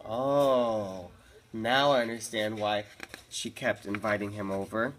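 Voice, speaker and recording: A woman's voice: a bass voice, moderate pace, a bit bright, slight background noise. A woman teacher reading a picture book aloud to her class in a classroom, with chatty asides and easy laughs.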